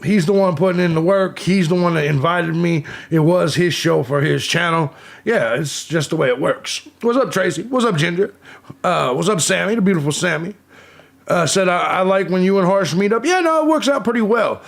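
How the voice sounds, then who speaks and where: A man hosting a casual live stream, talking loudly and breathing audibly, swearing freely and greeting viewers in the chat by name, with his desk mic pushed back from his mouth. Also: sits high, lively intonation, normal speed, gravelly.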